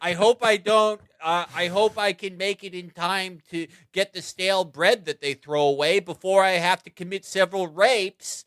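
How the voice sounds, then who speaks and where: A man putting on the voice of a fretful, whining old man, stammering in a high, mocking tone, recorded close and dry. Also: fairly even intonation, normal speed, hardly any pauses, fairly bright tone, clear, resonant tone, dry recording.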